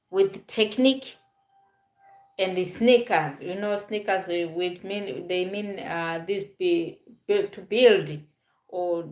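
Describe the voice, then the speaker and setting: Woman in her forties, from southern Africa, casual vlog talk, halting and repetitive. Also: lowish voice, a little mellow. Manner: halting, repeats and restarts phrases. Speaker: vlogger.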